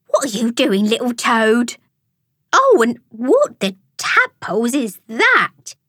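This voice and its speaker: A woman voicing a showy, enthusiastic female toad with a high-pitched voice, in a storybook audiobook. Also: big pitch swings, unhurried, fairly bright tone, dry recording, studio quality, exaggerated voice. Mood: gushing. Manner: gushing, enthusiastic.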